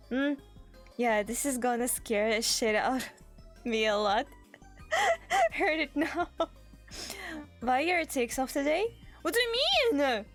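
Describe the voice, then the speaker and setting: Female streamer, shrieky and giggly, wildly swooping high voice, unhurried. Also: wildly swooping pitch, fairly bright tone, faint music behind. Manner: shrieking, laughing, frantic repetition. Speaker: VTuber streamer. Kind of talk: excited live-stream chat. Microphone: desk microphone.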